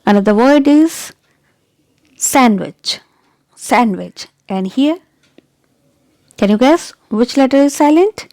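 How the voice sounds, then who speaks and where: A woman teaching English pronunciation who says each word slowly and deliberately, repeats it, and keeps checking in with "okay?". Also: high voice, expressive, mellow, no echo. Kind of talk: pronunciation lesson.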